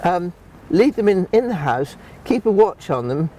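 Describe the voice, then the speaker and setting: A man's voice: sits high, sing-song, moderate pace, warm tone, slight background noise. A man presenting a gardening show outdoors, talking in a chatty, homely way as he demonstrates fruit picking. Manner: chatty, homely, rambling with restarts. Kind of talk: friendly practical demonstration.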